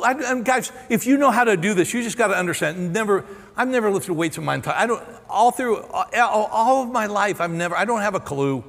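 A pastor in his sixties tells a story from the pulpit with candid, self-deprecating humor, often stopping and starting again mid-phrase. His voice sits high for a man. The sound rings with the long reverb of a large church auditorium. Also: expressive, moderate pace, fairly bright tone. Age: 60s. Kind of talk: storytelling sermon.

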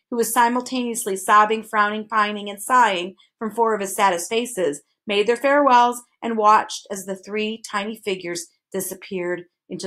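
A woman reading a chapter book aloud with expressive, even narration. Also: mid-range voice. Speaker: reader. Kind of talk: storybook read-aloud.

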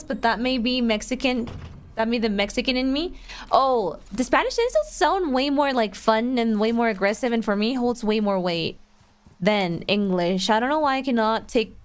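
A woman streaming a video game, chatting casually in a playful, animated way and laughing easily. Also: on the high side. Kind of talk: casual gaming commentary.

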